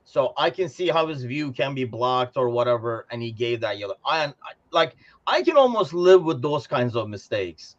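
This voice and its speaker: A man hosting a casual fan podcast, talking in a thoughtful, measured way that trails off. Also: medium pitch, big pitch swings. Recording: slightly dull lo-fi audio.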